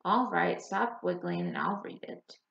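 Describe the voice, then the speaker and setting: A woman voicing a gentle, practical young sister. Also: on the low side, huge pitch swings, a little slow, creaky, exaggerated voice. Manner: gentle, coaxing. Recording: roomy, slightly dull audiobook recording.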